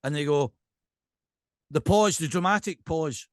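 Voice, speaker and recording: A man with a Scottish accent, a podcast guest and pipe band drummer, chatting casually in an animated ranting way and often checking in with "right?". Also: a little high, measured pace, dry recording, clean studio sound.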